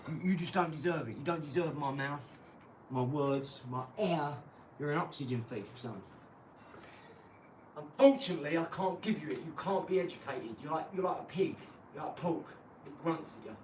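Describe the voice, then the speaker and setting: A man's voice: a little high, lively intonation, normal speed, far from the mic, slight background noise, low-quality recording. Mocking man trash-talking. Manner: mocking trash talk with loud outbursts. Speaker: livestreamer. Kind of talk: live stream chat while boxing. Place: garage.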